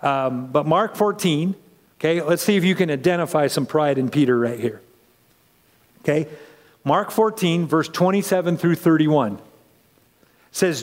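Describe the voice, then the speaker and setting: A man's voice: sits high, unhurried, long reverb tail. A man preaching a conversational sermon, acting out the people in the story as he goes. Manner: conversational, animated, acts out voices.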